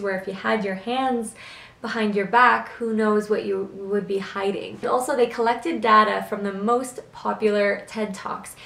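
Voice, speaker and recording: Creaky-voiced woman giving vlog advice. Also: medium pitch. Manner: calm, earnest, explanatory. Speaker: vlog host giving self-improvement tips. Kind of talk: instructional vlog talk. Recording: echoey room.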